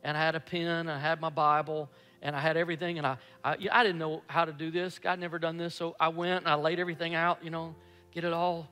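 Bright-voiced man preaching in an echoey hall. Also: a little high, fast talker, clear, resonant tone. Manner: animated, acts out his own past excitement. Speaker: pastor. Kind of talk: sermon storytelling. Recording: echoey hall with faint music.

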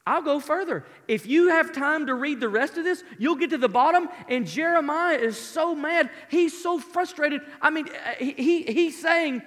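A man preaching a sermon with impassioned rises and soft, intimate drops. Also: very high voice, expressive, moderate pace, hardly any pauses. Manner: impassioned, rising to near shouting then dropping to a soft intimate tone. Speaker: pastor. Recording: long hall reverb, preaching in a large room.

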